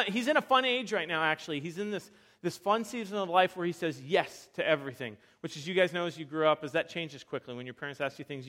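A young man preaching a sermon, telling animated, self-deprecating stories with frequent restarts. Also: fairly high pitch. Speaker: pastor.

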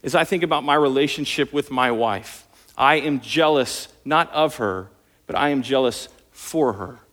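A man's voice: medium pitch, normal speed, a bit bright. A male pastor preaching a sermon earnestly, building intensity on his key points. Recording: long hall reverb.

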